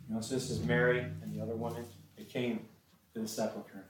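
A man's voice: mid-range voice, little pitch movement, a little fast, slight background noise. A man preaching a sermon and reading scripture, often hesitating with repeated words and ums. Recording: echoey room from a distant mic.

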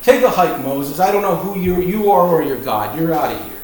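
A man's voice: fairly high pitch, lively intonation, a little fast, noisy background, close to an everyday voice. A man with a Virginia accent voicing a dismissive, scornful male pharaoh in a brusque, mocking way. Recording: very echoey room.

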